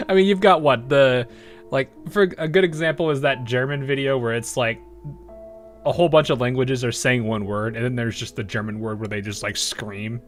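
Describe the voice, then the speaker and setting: A man's voice: mid-range voice, steady tone, moderate pace, faint music behind. An American man giving casual commentary while playing a game, rambling into asides and laughing often. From United States. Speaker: game streamer.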